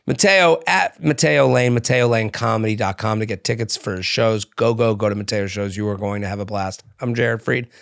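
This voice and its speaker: A man hosting a comedy podcast, chatting casually and playfully, often breaking into high laughter. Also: normal speed, gravelly, few pauses, fairly bright tone, dry recording, clean studio sound. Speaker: podcast host.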